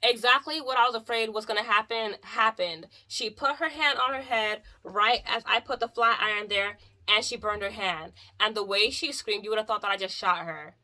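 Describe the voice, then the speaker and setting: This mobile hairstylist has a mid-range, pushed, bright voice and talks at a moderate pace with few pauses. She's telling a client story for a casual storytime vlog, sounding exasperated and chatty and leaning heavily on "like."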